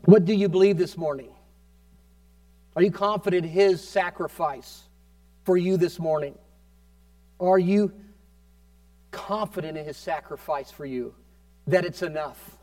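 A man's voice: a little high, measured pace, pauses often, a little mellow, no echo, recorded from a distance. A man preaching a fervent sermon as pastor, often prompting the congregation with amen.

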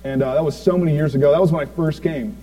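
A man's voice: fairly high pitch, fairly even intonation, fast talker, dark tone, soft background music, rough recording. A man in his forties telling a personal testimony to a church crowd, rambling with lots of fillers and asides to the audience. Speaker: church speaker giving a tribute.

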